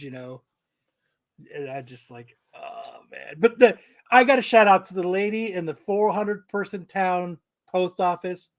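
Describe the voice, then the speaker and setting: A man co-hosting a podcast, telling a story in a casual, animated way, swearing and acting out both sides of the conversation. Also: sits high. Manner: animated, profane, acts out quoted exchanges. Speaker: podcast co-host.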